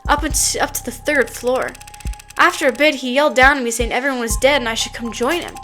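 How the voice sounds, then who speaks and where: A woman's voice: high-pitched, bright, forceful tone, soft background music. A woman doing a drawling young cop. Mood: testifying. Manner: slow storytelling testimony, hesitant. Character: young male police officer with a southern drawl, plain and dull.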